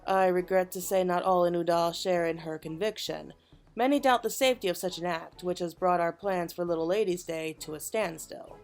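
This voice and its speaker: A woman voicing a dignified, solemn noble official from a fantasy game, speaking in a measured, formal, subdued way. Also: lowish voice, fairly even intonation, darkish tone, faint music behind, voice pushed down, lightly acted.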